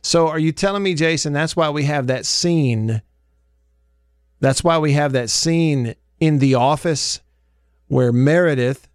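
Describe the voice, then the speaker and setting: A man's voice: a little high, measured pace, clear, resonant tone, no room sound, clean studio sound. A man hosting a sports talk radio show, incredulous and joking, laughing often. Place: radio studio. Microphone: studio microphone.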